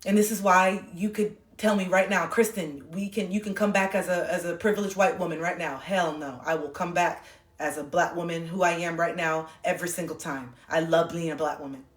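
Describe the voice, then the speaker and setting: A woman hosting a casual livestream, talking in an animated, emphatic way with plenty of swearing. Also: on the low side, fairly quick, reverberant, far from the mic. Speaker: livestream host. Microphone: phone.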